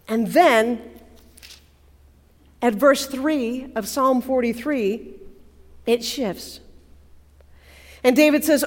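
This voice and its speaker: A woman preacher giving a sermon, expressive and prayerful, repeating phrases for emphasis. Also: on the high side, takes it slowly, long pauses. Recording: long reverb of a large hall.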